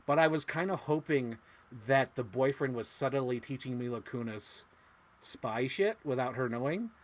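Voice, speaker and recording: A man co-hosting a casual movie chat podcast, excitable and laughing often, leaping up high when he quotes characters. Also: moderate pace. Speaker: podcast co-host.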